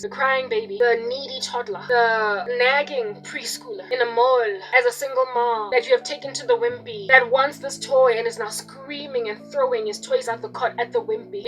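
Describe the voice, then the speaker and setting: Speaking straight to her audience, this video blogger is a young woman with a high voice and a South African accent, giving a heartfelt monologue full of grievance. Quiet admissions alternate with loud, pointed impressions of people yelling, and soft music sits in the background.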